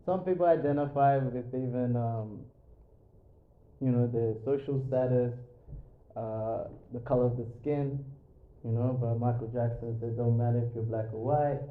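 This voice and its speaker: A man's voice: medium pitch, fairly even intonation, normal speed. A man giving a jokey, chatty spiritual talk to an audience in a yoga studio, full of fillers. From Australia. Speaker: spiritual speaker. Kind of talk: lecture with audience banter. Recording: echoey room, tinny phone-like sound.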